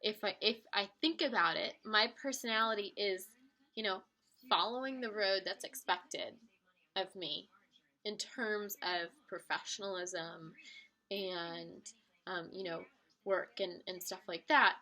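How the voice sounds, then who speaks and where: A young woman chats straight to the camera in a casual vlog. Her voice is bright and clear. She talks in a loose, friendly way and often doubles back to restart a phrase. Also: mid-range voice, unhurried. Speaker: vlogger.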